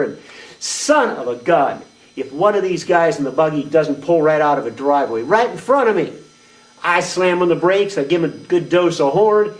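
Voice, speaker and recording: A man's voice: a little high, natural voice. A man playing a boastful, reckless redneck trucker, talking in a rambling, folksy, crude way in a comedic character monologue. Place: small venue stage. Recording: distant mic at open mic.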